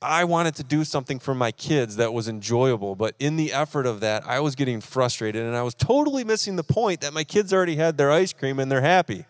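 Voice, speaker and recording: A man's voice: medium pitch, expressive, a little fast, hardly any pauses, dry recording, studio quality. A man, preaching at a church service and animatedly acting out his own frustration while telling a personal story. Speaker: pastor.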